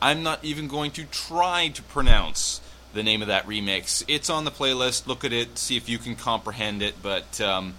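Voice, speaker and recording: A man's voice: medium pitch, lively intonation, normal speed, pushed and bright, slight background noise. A man hosting a radio show as DJ, talking casually between tracks with lots of fillers and wry asides.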